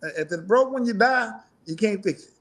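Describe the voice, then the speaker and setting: Man, high voice, middle-aged, rambling casual talk, profane, laughs a lot. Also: expressive, moderate pace, creaky, a bit bright. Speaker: musician guest. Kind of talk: casual interview chat.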